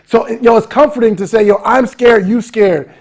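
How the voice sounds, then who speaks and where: High-voiced excitable podcast host man. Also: moderate pace. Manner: excitable, slangy, says "yo" a lot. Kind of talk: casual interview talk.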